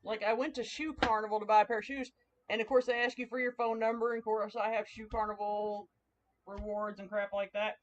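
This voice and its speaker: A woman's voice: medium pitch, flat delivery, brisk, a little hiss or hum. A woman with a twangy Southern US accent, chatting casually with viewers while making a craft on a livestream. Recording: slightly dull lo-fi livestream audio.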